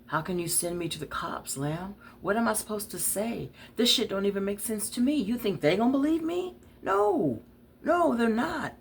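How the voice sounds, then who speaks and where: A woman's voice: on the low side, normal speed, few pauses, a little hiss or hum, lightly acted. A woman storyteller voicing a hardened woman in her thirties on the run, talking bluntly in street slang. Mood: defiant. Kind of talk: dramatic story reading.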